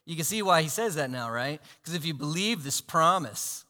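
A man preaching a sermon as pastor, animated, swinging between loud emphasis and hushed asides. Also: a little high, moderate pace, hardly any pauses. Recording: long hall reverb.

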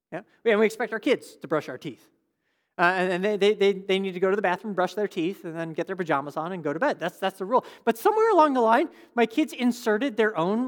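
A middle-aged man preaching a sermon as pastor, in a relaxed, conversational and humorous way. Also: sits high, big-room sound.

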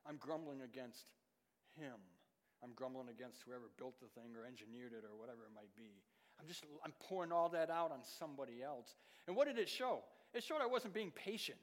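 A middle-aged man preaching a sermon as pastor, swinging from loud, emphatic lines to hushed, low asides. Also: expressive, fairly quick. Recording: long reverb of a large hall.

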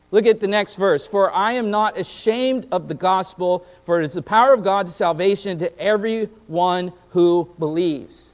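A man preaching a sermon as pastor, in a lively conversational way with slang and joking asides. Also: high-pitched, long reverb tail.

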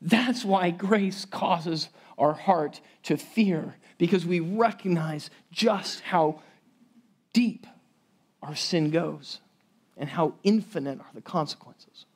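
Slow-paced and high-voiced, this male pastor gives a sermon in a conversational, emphatic style, often starting phrases over and throwing asides to the congregation.

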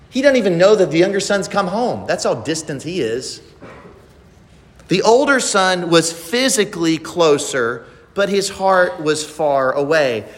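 A man's voice: a little high, in a large hall. A man preaching a sermon who presses the listeners with pointed rhetorical questions. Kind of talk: expository sermon.

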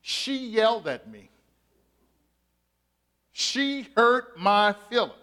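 High-voiced animated male preacher. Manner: animated preaching, drawn-out emphatic phrases, frequent "uh" fillers. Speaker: pastor. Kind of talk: sermon.

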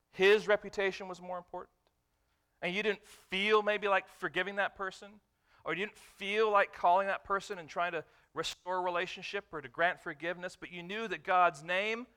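Preaching with a high-pitched, clear, resonant voice, this male pastor repeats his key lines and asks the congregation questions. His delivery alternates between loud, emphatic moments and soft, stretched-out phrases.

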